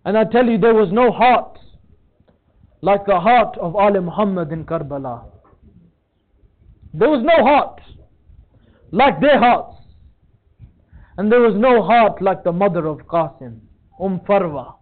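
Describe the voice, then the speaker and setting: A man's voice: sits high, expressive, a little slow, pauses often. A man narrating a mourning sermon, his voice rising into a tearful lament. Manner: recites in a rising lament, voice breaking toward tears. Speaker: speaker at a mourning gathering. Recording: tinny phone-like sound.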